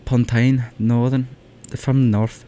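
A man co-hosting a podcast, chatting loosely and playfully. His pitch sits at an ordinary middle height for a man. He rambles a bit and tosses in jokey asides. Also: flat delivery, a little slow, mellow, a little hiss or hum. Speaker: podcast co-host. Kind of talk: casual chat.

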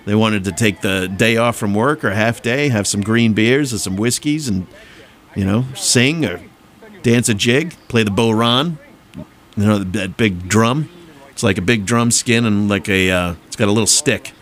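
A man's voice: lowish voice, unhurried, a bit bright. A man hosting a podcast in casual chat, telling rambling anecdotes with lots of restarts. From Boston area. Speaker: podcast host.

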